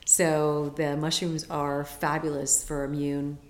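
A woman's voice: low-pitched, level tone, slow, roomy sound. A woman guest on a podcast, a health coach talking in a chatty, enthusiastic way with lots of fillers. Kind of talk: casual interview chat.

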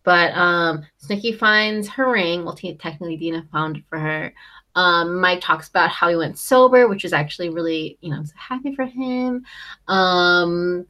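A young woman co-host with a fairly low, sharp voice talks at normal speed while recapping a reality show. She's chatty and fills her speech with "um" and "like."

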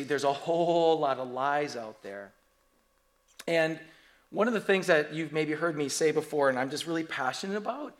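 A man in his forties preaching a sermon, telling stories in an animated, humorous way. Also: on the high side. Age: 40s. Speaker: pastor.

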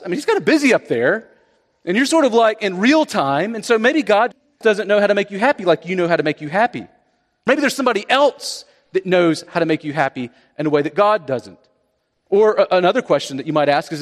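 A man's voice: on the high side, expressive, fairly quick, in a large hall. A man preaching a sermon in an earnest style, asking many rhetorical questions. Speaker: pastor.

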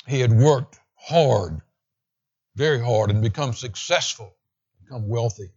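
A man's voice: mid-range voice, darkish tone, husky. Man preaching emphatically, lo-fi. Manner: emphatic preaching, slows down to read scripture. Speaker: pastor. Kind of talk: sermon.

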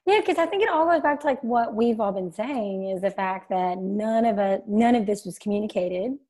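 A woman's voice: mid-range voice, lively intonation, normal speed, dark tone. A woman hosting a casual conversation, affirming and eager as she responds.

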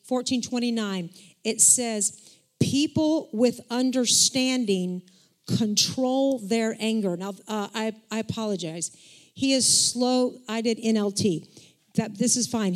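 Slow, deliberate woman reading scripture. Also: on the high side, a little mellow.

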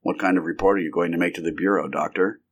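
A skeptical government agent presses with quick, pointed questions, as a man voices him. His voice sits low and the talk runs fast. This is a spoken storybook reading. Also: fairly even intonation, slight background noise, close to an everyday voice. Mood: questioning.

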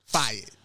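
A man co-hosting a podcast in casual chat, answering with dry, blunt one-liners. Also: sharp tone. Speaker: podcast co-host.

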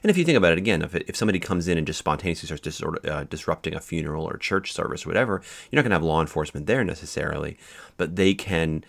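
A man gives a recorded law lecture. His voice sits very low and gravelly, and he explains patiently, pausing on fillers and restarting phrases. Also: expressive. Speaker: law instructor.

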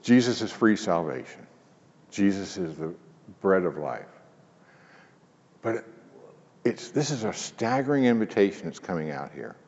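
Male pastor, low voice, conversational sermon delivery with hushed emphasis, muffled recording with long hall echo. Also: very animated, measured pace, long pauses. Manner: earnest, conversational preaching with sudden hushed emphasis.

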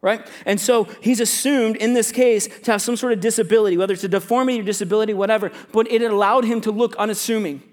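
A male pastor of students and young adults preaching a sermon to a congregation, chatty and joking, with quick asides between loud emphasis and quiet remarks. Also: high voice, steady tone. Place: church sanctuary with a congregation.

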